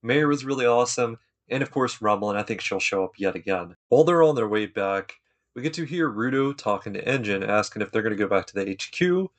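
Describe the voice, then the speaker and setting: A man's voice: lowish voice, expressive, brisk. A man giving a casual, enthusiastic recap of an anime episode, retelling scenes in laid-back, slangy talk.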